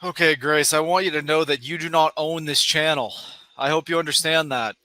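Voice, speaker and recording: A man's voice: on the high side, steady tone, a little fast, pushed and bright, dry recording. A man on a livestream panel, sternly warning another panelist, rambling and repeating himself.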